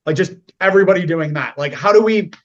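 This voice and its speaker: A man in casual podcast talk, animated and fond of acting out quoted voices. His voice sits fairly high, and the recording sounds dull and lo-fi. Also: fast talker. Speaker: podcast guest. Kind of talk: casual conversation.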